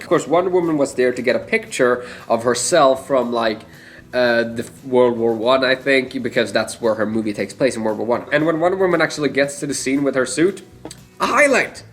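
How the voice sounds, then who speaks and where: A man's voice: medium pitch, a bit bright. A young man giving a casual, rambling movie opinion, laughing often and swearing. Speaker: movie reviewer.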